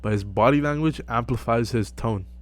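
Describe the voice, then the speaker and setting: Speaking to camera, a young man offers laid-back self-improvement tips, packing his talk with fillers and frequently asking "right?" His voice sits in the mid range at a normal pace, recorded on a close mic.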